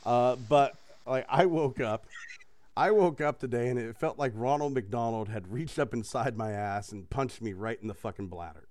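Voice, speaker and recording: A man's voice: mid-range voice, moderate pace. A man hosting a casual chat, swearing freely and laughing as he tells stories. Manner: profane, laughing, animated storytelling.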